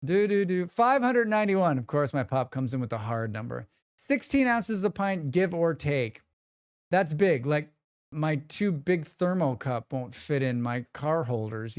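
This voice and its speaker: A man's voice: fairly high pitch, smooth, no echo, studio quality. A man streaming live, chatting casually and joking with his chat. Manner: rambling, joking, reacts to chat.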